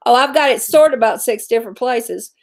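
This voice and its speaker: A woman's voice: on the high side, fairly quick. A woman hosting a casual chat, talking in a chatty way with laughing asides. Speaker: host.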